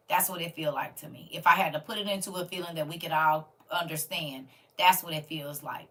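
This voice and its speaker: A woman's voice: low-pitched, fairly even intonation, a little fast, hardly any pauses, a bit bright, distant mic. A woman, hosting a casual livestream and talking earnestly to her viewers as family. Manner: earnest, preachy, addresses listeners as family. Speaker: livestream host.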